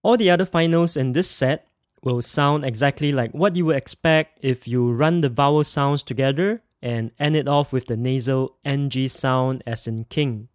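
A man teaching a pronunciation lesson, modelling each sound slowly and carefully and asking the listener to repeat it. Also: medium pitch, dry recording, clean studio sound. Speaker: language teacher.

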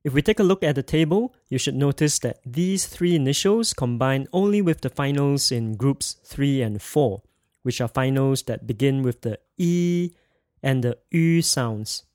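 Slow, careful male language teacher. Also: medium pitch, expressive, a little mellow, clean studio sound. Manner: slow, careful, repeats sounds for students to echo. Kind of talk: pinyin pronunciation lesson.

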